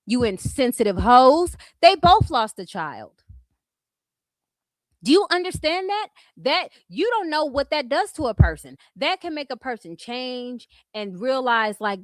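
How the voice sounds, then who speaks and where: A Californian woman delivers a blunt, sassy commentary rant, swearing freely as she talks straight to her viewers. Her voice sits a little on the high side, and the sound is dry and close with no room echo. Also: very animated, a little slow. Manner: blunt, profane and sassy, addressing viewers as "y'all". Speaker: commentary streamer.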